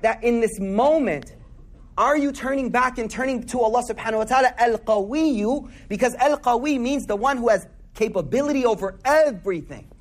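A man delivers a casual sermon. He talks in loose slang, tells stories and keeps checking in with the audience. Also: extremely high pitch. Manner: slangy, conversational, asks the audience questions. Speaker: Muslim speaker giving a talk.

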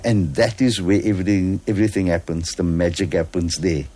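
A man with a low, mellow voice, talking patiently on a radio show. He explains step by step, stopping often to check that the listener follows. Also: fairly even intonation, fairly quick. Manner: patient, explains with examples and checks "all right?". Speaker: guest.

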